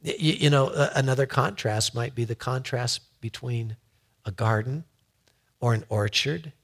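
A man's voice: mid-range voice, moderate pace, husky. A man giving a conversational sermon in a folksy way, often repeating words as he builds a point. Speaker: preacher.

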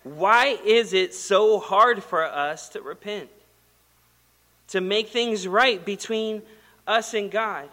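A man preaching a sermon in a conversational, animated storytelling manner. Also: high-pitched, slow, in a large hall. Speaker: pastor.

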